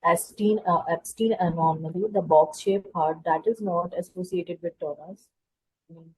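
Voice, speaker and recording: Low, husky woman asking a question. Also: steady tone, moderate pace, a little mellow, no room sound, poor audio. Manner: hesitant, questioning. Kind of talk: question in an online class.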